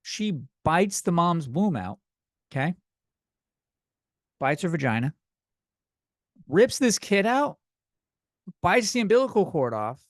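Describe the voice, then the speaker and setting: A man's voice: high-pitched, big pitch swings, takes it slowly, long pauses, dry recording, studio quality. A young man hosting a comedy podcast, ranting in a rambling, profane, self-deprecating way at a desk microphone. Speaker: podcast host.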